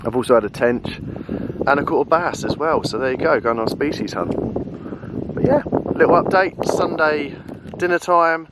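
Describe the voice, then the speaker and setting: A man chatting casually to camera while fishing outdoors, relaxed and easygoing, calling his friend mate. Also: on the high side, normal speed, very noisy. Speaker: vlogger and angler. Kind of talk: casual fishing vlog chat. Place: lakeside fishing swim outdoors.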